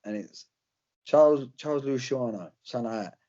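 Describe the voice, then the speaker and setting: A man's voice: mid-range voice, a little fast, mellow, muffled recording. A young British man, a fighter, chatting casually in an interview, rambling with slang and fillers. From Britain. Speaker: UFC fighter guest.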